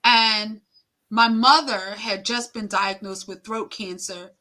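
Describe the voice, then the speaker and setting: Speaking at a medium pitch with fairly even intonation, this middle-aged interview guest sounds pushed and bright. She tells an emotional story from her own life haltingly, leaning on fillers and acting out quotes.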